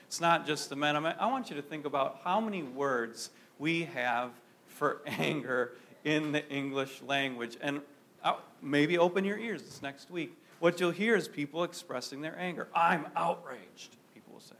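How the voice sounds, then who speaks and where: A man's voice: on the high side, normal speed, a bit bright. A man preaching a sermon to a congregation in a conversational way, often asking his listeners questions. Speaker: pastor.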